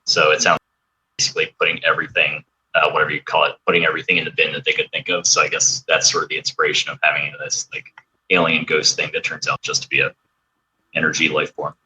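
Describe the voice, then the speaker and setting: Deep-voiced man, bright and explanatory. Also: monotone, low-quality recording. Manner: measured, explanatory, with ums and uhs. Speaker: podcast guest. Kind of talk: casual roundtable chat.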